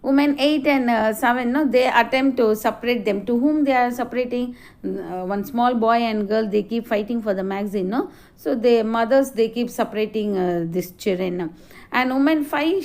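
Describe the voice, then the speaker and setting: A middle-aged woman teacher explaining a play to a class, halting with many fillers. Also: on the high side, darkish tone. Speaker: English teacher.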